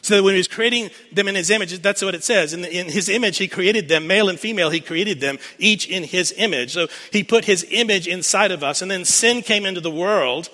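A man's voice: high-pitched, brisk, hardly any pauses, sharp tone. A man preaching a sermon, retelling a scripture scene as a story and repeating key phrases for emphasis. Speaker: pastor. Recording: long reverb of a large hall.

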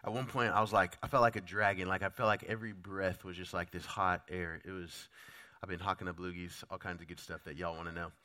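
Low-pitched and fairly even in intonation, this pastor speaks quickly in a pushed, bright voice. He's sick, and a lingering cough makes his voice sound off as he preaches conversationally and questions the congregation directly.

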